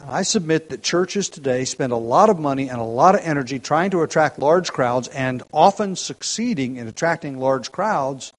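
A man preaching a sermon at an evening church gathering, earnest and deliberate, slowing down and rising in force on key points. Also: a little high, lively intonation, low-quality recording. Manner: earnest, builds emphasis by slowing down and getting louder.

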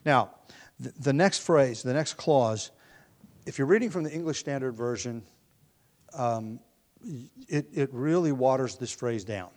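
A man's voice: medium pitch, expressive, a little slow, long pauses. A man with a nagging cough, preaching an earnest expository sermon, often restarting phrases with fillers. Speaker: pastor.

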